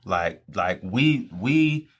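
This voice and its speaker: A man's voice: fairly low pitch, lively intonation, drawn-out words. A young man, talking faith casually and repeating phrases for emphasis. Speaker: podcast co-host. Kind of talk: faith talk among friends.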